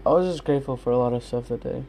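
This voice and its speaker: A man's voice: medium pitch, rapid-fire, gravelly, warm tone, slight background noise. A young man in his own room, rambling candidly and swearing often in a casual solo talk to his listeners. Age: young adult. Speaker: podcast host.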